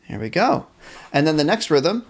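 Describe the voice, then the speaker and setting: A man's voice: a little high, very animated, moderate pace. Upbeat man teaching a live band class. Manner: encouraging, reads chat questions aloud. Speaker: music teacher.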